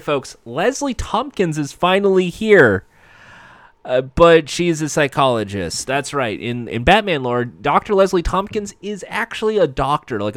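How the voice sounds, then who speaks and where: A man's voice: mid-range voice, dry recording, clean studio sound. A man giving a sarcastic, profane, rambling comedic recap of a TV episode.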